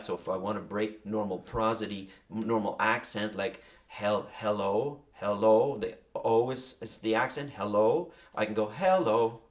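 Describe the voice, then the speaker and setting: Rambling low-voiced man explaining songwriting. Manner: rambling, self-interrupting, musing asides. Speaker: songwriter explaining his process. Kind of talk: casual spoken walkthrough.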